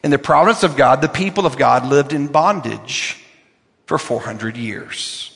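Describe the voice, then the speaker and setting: A man's voice: mid-range voice, a little slow, creaky, a bit bright, big-room sound. An older man, a pastor, preaching a sermon with emphatic repetition of key words.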